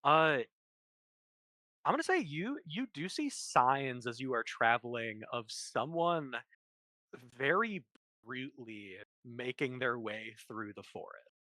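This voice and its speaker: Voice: medium pitch, big pitch swings, takes it slowly, pushed and bright, no echo. A game master narrating a tabletop session, hesitant with many fillers.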